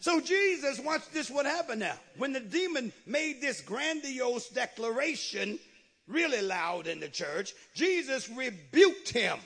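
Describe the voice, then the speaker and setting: A male pastor preaching a sermon with call-and-response, building to shouts. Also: very high voice, sing-song, unhurried, husky.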